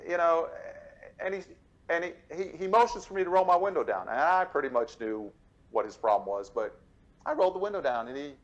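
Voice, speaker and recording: A man, the father in a casual father-and-son talk show, telling a story in a laid-back, rambling way, with sudden high mocking asides. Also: big pitch swings, fairly quick, muffled recording. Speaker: podcast co-host, father.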